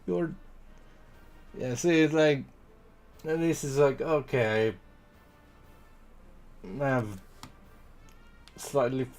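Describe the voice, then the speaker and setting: A man's voice: medium pitch, very slow, pauses often, darkish tone, faint music behind. A man streaming a video game, talking casually in a rambling way that keeps breaking off and restarting, and sometimes reading the game's lines in playful accents. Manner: rambling, self-interrupting, trails off mid-thought; reads game dialogue aloud in playful put-on accents.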